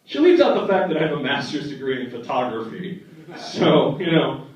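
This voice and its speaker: A young man performing a stand-up comedy set in a club, telling stories and acting out family members in quick voices. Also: mid-range voice, very animated, a little mellow, far from the mic. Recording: echoey, dull club recording from the back.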